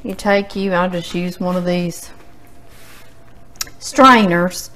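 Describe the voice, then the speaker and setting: A woman's voice: lowish voice, steady tone, slow, a bit bright, a little hiss or hum, rough recording. A woman hosting a home cooking demonstration, chatty and folksy, talking straight to her viewers. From Louisiana. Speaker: cooking show host. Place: home kitchen.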